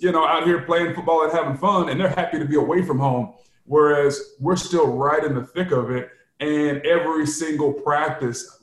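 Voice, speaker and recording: Candid storytelling man, roomy sound. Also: on the high side. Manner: candid storytelling, animated quotes. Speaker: sports show host and former football player. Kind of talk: casual sports talk.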